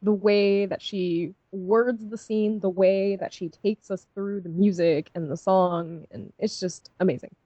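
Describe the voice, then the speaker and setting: A woman's voice: mid-range voice, steady tone, unhurried, hardly any pauses, warm tone, no room sound, muffled recording. A woman co-hosting a fanfic review, chatting casually in a giggly, rambling way full of "like". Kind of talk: casual chat.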